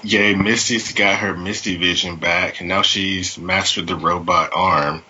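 A man's voice: low-pitched, fairly even intonation, measured pace, pushed and bright, muffled recording, a little hiss or hum. A man co-hosting a podcast, reading a wry, jokey recap of TV episodes. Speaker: podcast co-host.

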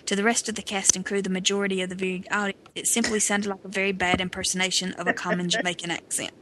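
A woman's voice: medium pitch, little pitch movement, fast, a bit bright, rough recording. A woman co-hosting a podcast who chats casually and reads background facts aloud. She has a mid-range voice and sounds informative. A faint hiss sits under her voice. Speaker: podcast co-host. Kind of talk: casual chat and reading aloud.

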